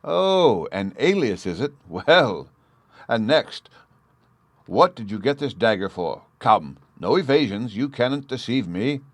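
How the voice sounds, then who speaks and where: A man's voice: mid-range voice, big pitch swings, unhurried, no echo, pitched above the performer's own voice. A man reading an audiobook, voicing a testy, scornful husband who snaps and sneers. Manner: snappish and scornful.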